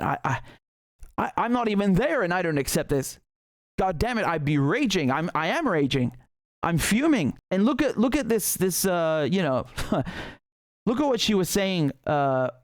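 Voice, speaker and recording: A man's voice: fairly high pitch, no echo. A man hosting a live political commentary show who talks in a heated, indignant way, often repeating words and restarting sentences.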